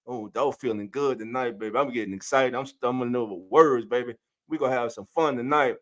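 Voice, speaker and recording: A man's voice: medium pitch, fairly quick. Hyped-up man hosting a sports live stream. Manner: hypes up and greets chat viewers by name; loose, energetic, calls listeners family and baby. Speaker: podcast host.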